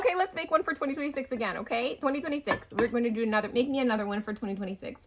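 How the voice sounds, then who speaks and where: A woman hosting a craft vlog, unboxing happy mail with excited gasps and gushing chatter. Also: on the high side, very fast, slight background noise. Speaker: craft channel host.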